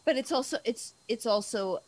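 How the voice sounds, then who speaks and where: A woman's voice: a little high, normal speed, poor audio. A woman journalist as a guest on a casual live-stream talk show, talking in a rambling way with many restarts.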